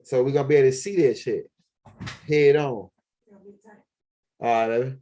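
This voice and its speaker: A man's voice: medium pitch, steady tone, normal speed, dark tone. Profane, rambling man vlogging at home. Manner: loose, profane street talk with many fillers. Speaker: video blogger. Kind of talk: casual rambling monologue. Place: at home, walking around the house and backyard.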